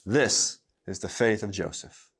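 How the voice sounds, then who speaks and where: A man preaching a sermon, building with rising emphasis on repeated phrases and dropping to quiet tenderness. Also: fairly low pitch, unhurried, creaky, breathy edge.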